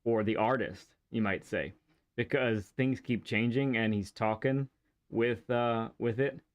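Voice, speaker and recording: While streaming a racing game, a man chats with easygoing enthusiasm, meandering through restarts and frequent laughter. He has a medium-pitched voice, talks a little slowly, and the sound is lo-fi.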